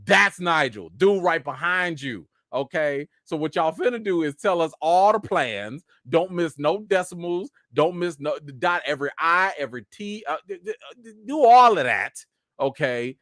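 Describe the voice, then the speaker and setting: A man's voice: on the high side, lively intonation, moderate pace, sharp tone, no echo, studio quality, voice pushed up. A man voicing an unflappable woman spy chief who talks in blunt, casual slang. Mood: unbothered, bossy.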